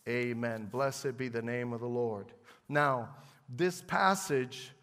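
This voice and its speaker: A man's voice: medium pitch, slow pace, a bit bright, long reverb tail. A male pastor preaching a sermon in a church in a conversational way, repeating phrases and asking the congregation for amens. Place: church sanctuary.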